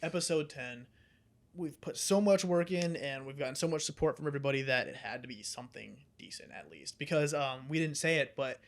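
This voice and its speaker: A young man co-hosting a casual podcast, retelling cartoon episodes with big animated energy. His voice sits a bit high for a man, and he breaks into laughter while swearing casually. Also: a little fast. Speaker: podcast co-host. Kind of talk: casual chat.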